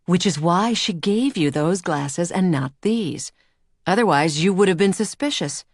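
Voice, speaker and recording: Male narrator voicing a sharp young female grifter, higher voice, dry close sound. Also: expressive, a little slow, no room sound, heavily acted. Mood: cool. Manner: fake Southern drawl when conning. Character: young woman con artist, cool and sharp.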